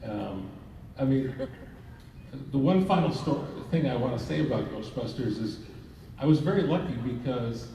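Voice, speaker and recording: A man's voice: medium pitch, animated, normal speed, warm tone. An older man from Canada, a film director, telling rambling anecdotes on a convention panel and chuckling as he goes. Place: large convention hall, indoors. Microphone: phone camera in the audience. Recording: echoey hall, distant mic, dull and faint hiss.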